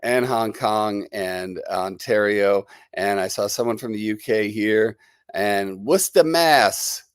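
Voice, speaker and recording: A man's voice: lowish voice, steady tone, unhurried, clean tone, no room sound, clean studio sound. A middle-aged man with a New Jersey accent and a lingering cold, hosting a casual live stream and chatting with viewers. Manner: chatty and rambling, greeting viewers. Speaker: livestream host.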